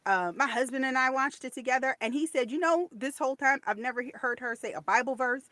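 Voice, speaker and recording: A podcast co-host chats casually, offering her opinions through stories. Her high, bright, forceful voice comes fast, and the recording is dry.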